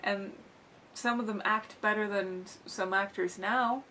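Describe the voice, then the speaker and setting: Bright-voiced woman in casual chat. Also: mid-range voice, steady tone, slight background noise, low-quality recording. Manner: chatty, emphatic, slightly halting. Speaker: film review co-host.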